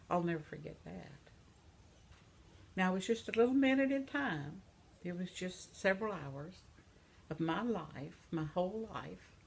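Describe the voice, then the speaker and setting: Older woman, gravelly voice, slow unhurried talk, soft reminiscing home vlog, faint background hiss. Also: deep voice. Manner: reminiscing, soft-spoken, trails off into whispers; affectionate sign-off to viewers. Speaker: vlogger. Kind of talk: casual vlog monologue.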